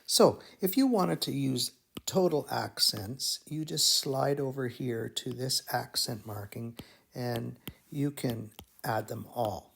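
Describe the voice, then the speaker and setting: A man teaching melody writing in a slow, musing, think-aloud way, humming phrases as he explains. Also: mid-range voice, vocal fry, a little hiss or hum. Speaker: music teacher. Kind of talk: thinking-aloud composition tutorial.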